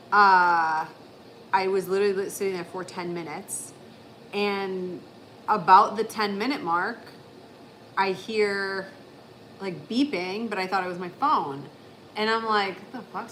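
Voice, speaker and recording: A woman's voice: medium pitch, bright, forceful tone, a little hiss or hum, rough recording. A woman on a livestream, casually retelling a story in a rambling way, with frequent swearing. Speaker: livestream host.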